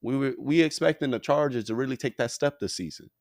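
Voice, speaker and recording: A man's voice: medium pitch, quick pace, a little mellow, no echo, studio quality. A man hosting a casual sports podcast. He sounds tired and yawns, and his talk is slangy, profane, loose and rambling. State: tired, yawning.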